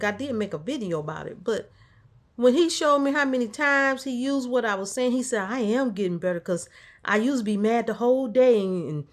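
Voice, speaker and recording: A woman casually telling a story from her caregiving job, quoting herself and a patient back and forth, with an encouraging, faith-tinged way of talking. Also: fairly high pitch. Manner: encouraging, faith-infused talk. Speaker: caregiver sharing a workday story.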